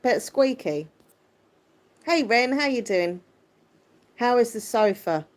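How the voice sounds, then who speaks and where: A woman hosting a casual livestream, chatting and answering viewer comments. Her voice is squeaky yet deep, and her manner is chatty and quick to laugh. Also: lively intonation. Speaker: livestream host. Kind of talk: casual live chat, reading viewer comments.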